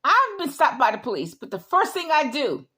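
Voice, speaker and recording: A woman's voice: sits high, huge pitch swings, moderate pace, bright, forceful tone. A middle-aged woman giving an emphatic opinion monologue, repeating her points in a lecturing way. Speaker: vlogger.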